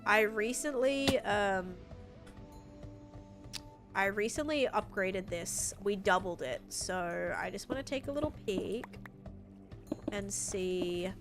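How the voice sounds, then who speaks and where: A woman's voice: medium pitch, slow pace, pauses often. A woman from the United States, chatting casually with her chat in a bubbly, gushing way while she plays a game on a live stream. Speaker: livestreamer. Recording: game music behind voice.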